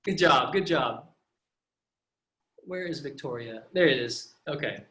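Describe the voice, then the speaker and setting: A man's voice: mid-range voice, lively intonation, unhurried, sharp tone, echoey room. A man teaching pronunciation over a video call, patiently demonstrating sounds again and again. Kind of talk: online pronunciation class.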